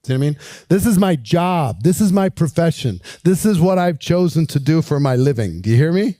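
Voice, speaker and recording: A man coaching recruiters in an energetic, direct way, often asking his listeners questions while walking around. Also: fairly high pitch, fairly quick, no echo. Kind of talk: coaching talk with acted pitch demos.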